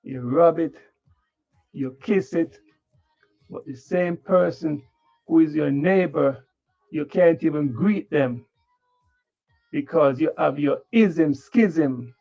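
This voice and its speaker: A man's voice: fairly high pitch, slow, creaky, long pauses, warm tone. A man ranting bluntly in a livestream monologue, with unfiltered cursing and a preachy, moralizing tone. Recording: dull lo-fi stream with faint music.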